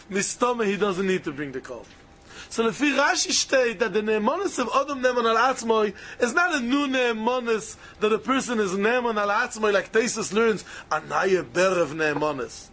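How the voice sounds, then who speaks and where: A high-voiced man leads a Talmud study lesson, his pitch leaping up and down as he argues each side aloud. He hammers his points home by repeating them, and his tone stays bright and forceful throughout. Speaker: Talmud teacher.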